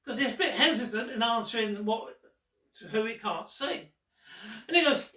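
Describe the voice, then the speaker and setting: A man's voice: very high voice, normal speed, pushed and bright. A man performing a magic trick while telling a Gospel story, teasing the viewer. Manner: playful and teasing, addressing the viewer. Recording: roomy echo, distant mic.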